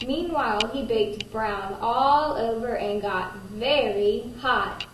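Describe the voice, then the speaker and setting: Slow-reading kindergarten teacher, high voice. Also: female voice. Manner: gentle, pauses to ask children questions. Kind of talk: reading a picture book aloud to children. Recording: roomy echo, distant mic, faint noise.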